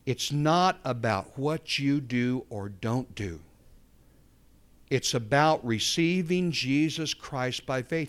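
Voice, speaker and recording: A man preaching a sermon, telling a story and then building to fervent emphasis. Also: medium pitch. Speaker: pastor.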